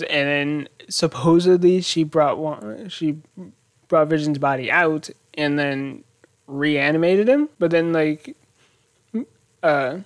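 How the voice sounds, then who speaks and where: A man hosting his own channel, casually recapping a TV episode in a rambling, animated way, thinking aloud. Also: fairly high pitch, no echo, studio quality. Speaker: YouTube show host.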